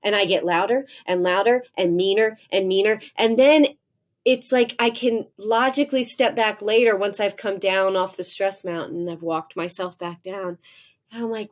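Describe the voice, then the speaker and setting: A woman's voice: medium pitch, normal speed. A woman in her forties talking candidly as an interview guest, laughing often and acting out her own angry outbursts. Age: 40s. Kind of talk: casual interview talk.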